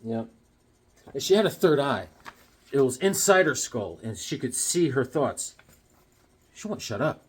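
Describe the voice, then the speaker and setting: A man from Connecticut casually chatting about his comic books, rambling along and telling deadpan tall tales with jokes between them. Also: medium pitch, a little slow, long pauses, husky. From Connecticut, USA. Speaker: comic book vlogger.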